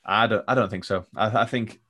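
Male podcast co-host, low-pitched, easygoing banter with a joking streak. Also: steady tone, a little fast, fairly bright tone, husky. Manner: jokey, laughs often, acts out quotes. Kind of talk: casual football podcast chat.

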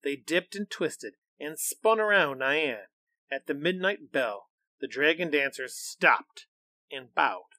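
A man reading a children's storybook aloud in a measured, expressive way. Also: a little high, no room sound.

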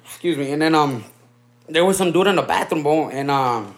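A man's voice: a little high, brisk. A man in his thirties telling stories in casual chat, laid-back and slangy, dropping in Spanish filler words. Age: 30s. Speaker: podcast host. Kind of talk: casual storytelling.

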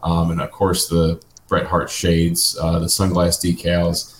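A man with a very low voice chats with enthusiasm in a casual conversation. His mic picks up a roomy echo. A faint hum of noise sits underneath. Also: completely flat delivery, a little slow. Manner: enthusiastic and playful. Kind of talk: casual chat.

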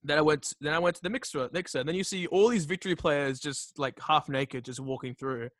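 A young man talks in a loose, hesitant way, filling gaps and letting phrases fade. His voice sits a little high. It is recorded close and dry. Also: dry recording. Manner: halting, filler-heavy, trails off quietly. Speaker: podcast guest. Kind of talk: casual chat.

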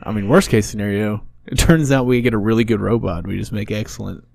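Young dude with a gravelly voice joking around on a podcast, dry close sound. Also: male voice, fairly low pitch, fast, a little mellow, no room sound. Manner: jokey, crude, riffing. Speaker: podcast co-host. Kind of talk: casual banter.

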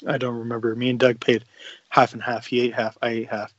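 A young man in casual podcast chat, swearing freely and acting out quoted lines as he tells a story. His voice sits in an ordinary middle pitch. It sounds dry and a bit dull, as if from a close, low-fi home mic. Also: level tone, a little fast, fairly bright tone, no room sound. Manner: laid-back, profane, acts out quotes. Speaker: podcast co-host.

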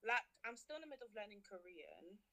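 A woman's voice: mid-range voice, fast talker. A young woman from London and France, a pharmacy student, chatting casually as a guest on a student radio show. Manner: lively, chatty, filler-heavy. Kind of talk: casual chat.

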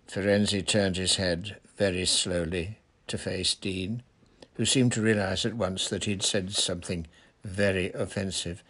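Slow, low-voiced male audiobook narrator. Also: steady tone, fairly bright tone.

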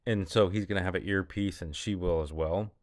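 Man, low voice, rambling, casual vlog, dry room. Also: fairly quick, no room sound. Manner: rambling, laughs often. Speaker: filmmaker describing his short films.

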